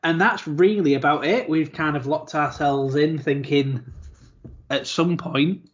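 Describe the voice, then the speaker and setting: A man's voice: a little high, a little slow. Chatty man, lo-fi audio. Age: 30s. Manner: chatty, rambling, laughs easily, repeats words. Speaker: podcast co-host. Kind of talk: casual chat.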